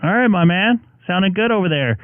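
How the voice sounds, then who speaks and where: Ham radio guy from socal coming through a narrow tinny radio, bit high voice. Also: lively intonation, brisk, no echo. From Southern California. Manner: friendly, reads out call signs. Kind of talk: on-air radio check-in chat.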